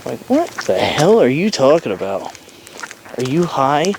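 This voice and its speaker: A man's voice: mid-range voice, sing-song, unhurried, background noise. A man in his thirties talking in a sarcastic, profane, ranting way in a casual vlog.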